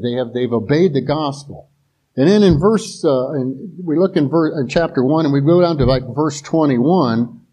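Mellow, husky-voiced man preaching casually. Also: fairly high pitch, poor audio. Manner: rambling, conversational, many restarts and asides. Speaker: preacher and former police officer. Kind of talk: casual sermon.

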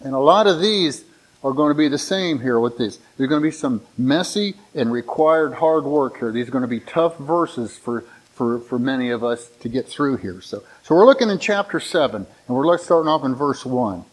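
A man's voice: mid-range voice, lively intonation, moderate pace, poor audio. A middle-aged man preaching a sermon in a conversational, folksy way, often restarting his words. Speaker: pastor.

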